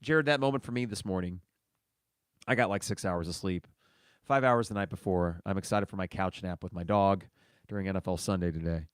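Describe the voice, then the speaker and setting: A man's voice: sits low, fairly quick, clear, resonant tone, no room sound, clean studio sound. A man hosting a casual solo sports podcast, reading listener mail and reacting in a chatty way. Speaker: podcast host.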